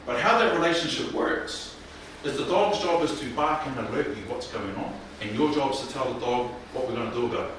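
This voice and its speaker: A man leading a mental health workshop, speaking in a colloquial, animated way and often questioning the audience. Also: mid-range voice, a little fast. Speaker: workshop presenter. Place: room with live audience. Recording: echoey room, distant mic, faint noise.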